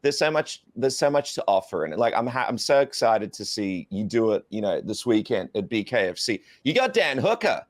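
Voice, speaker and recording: A man hosts a podcast interview, trading jokes and banter in casual chat. His voice sits at an ordinary middle pitch, and he keeps a relaxed back-and-forth with his guest. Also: moderate pace, hardly any pauses. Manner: jokey, banter-heavy. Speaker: podcast host.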